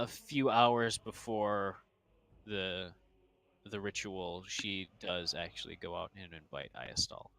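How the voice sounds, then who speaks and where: A man narrating a tabletop game as game master, slow and hesitant with many fillers. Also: fairly low pitch, no echo. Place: home streaming setup.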